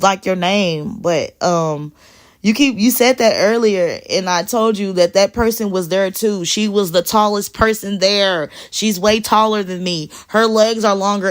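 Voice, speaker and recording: A woman talking live to viewers on her phone, emphatic and repeating her phrases as she answers the chat. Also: mid-range voice. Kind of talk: casual live stream talk.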